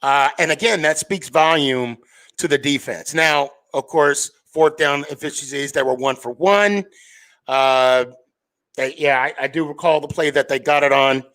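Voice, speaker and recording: His voice a bit high for a man, the host of a live sports podcast chats casually and rambles along in a relaxed manner. Fillers and restarts turn up throughout.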